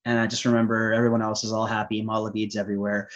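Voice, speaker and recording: A man's voice: fairly low pitch, completely flat delivery, rapid-fire. A man who is a podcast guest, telling a personal story casually and with animation, laughing often and saying "like" a lot. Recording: slightly dull lo-fi audio.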